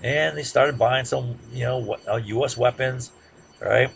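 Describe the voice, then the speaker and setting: Casting: male lecturer, very gravelly, mid-pitched, chatty and heated, faint hiss behind. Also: a little slow. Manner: conversational, peppers sentences with "right?"; gets loud and heated when making a point. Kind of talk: classroom lecture.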